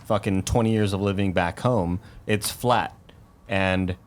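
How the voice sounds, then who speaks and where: A man with a lowish voice co-hosts a podcast. He asks easygoing questions and chats in a relaxed, casual way. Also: a little slow. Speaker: podcast co-host. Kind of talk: casual chat.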